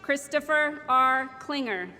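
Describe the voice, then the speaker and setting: A woman reading out graduates' names one by one at a commencement, slow and measured, over a podium microphone. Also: high voice, a little hiss or hum. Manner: slow, measured name-by-name announcing. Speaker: commencement name reader. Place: large ceremony hall. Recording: echoey hall with loud crowd ambience.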